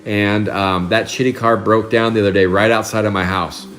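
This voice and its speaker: A man's voice: lowish voice, steady tone, normal speed, fairly bright tone, soft background music. A man in his forties from Oregon, chatting casually on a live card break stream, telling rambling stories with frequent chuckles. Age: 40s. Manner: rambling storyteller, chuckles often.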